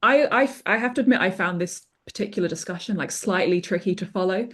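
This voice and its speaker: A woman co-hosting a podcast as a guest, giving thoughtful, measured commentary in casual chat. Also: medium pitch. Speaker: guest co-host.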